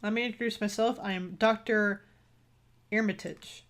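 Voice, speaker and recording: A woman voicing a calm, composed male doctor in a game, reading his lines in a measured, reassuring way. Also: medium pitch, lightly acted.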